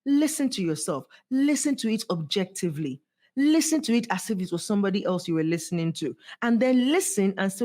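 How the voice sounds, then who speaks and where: A woman guest on a podcast, speaking as a voice coach in an animated, emphatic way, swooping high to stress her points. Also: brisk. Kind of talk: motivational podcast conversation.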